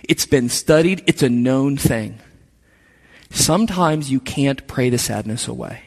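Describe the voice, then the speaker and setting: A man's voice: mid-range voice, expressive, a little slow, creaky, darkish tone, husky. A middle-aged man preaching a sermon to his church in an earnest way. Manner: earnest, acts out quoted voices. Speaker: pastor. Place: church sanctuary. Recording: reverberant church hall.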